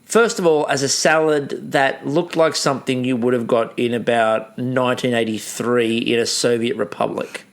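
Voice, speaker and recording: A man co-hosting a casual comedy recap, telling stories in an animated, ranting way. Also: medium pitch, normal speed, vocal fry, hardly any pauses. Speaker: podcast co-host.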